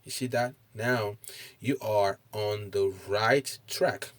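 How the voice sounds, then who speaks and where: Man, middle-aged, language teacher, lowish voice, hesitant with fillers, asks okay often. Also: fairly even intonation. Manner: hesitant, many pauses and fillers, checks in with "okay?". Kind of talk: recorded online lesson.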